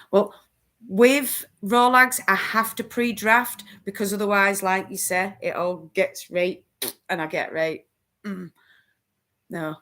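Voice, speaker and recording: A woman's voice: lowish voice, a bit bright. A woman hosting a casual crafting live stream, chatting with viewers and laughing often.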